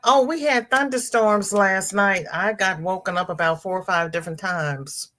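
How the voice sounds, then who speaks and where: Speaking at a moderate pace with a medium-pitched voice that sounds pushed and bright, a middle-aged woman runs a casual livestream. She welcomes viewers by name and reads their chat comments aloud.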